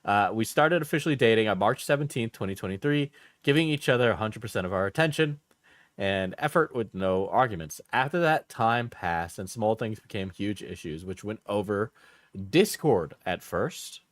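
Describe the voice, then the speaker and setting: A man's voice: lowish voice, lively intonation, normal speed, no room sound. Casual man streamer, dry close mic. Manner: reads aloud with offhand asides and laughs. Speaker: streamer reading and reacting. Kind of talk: casual live-stream commentary.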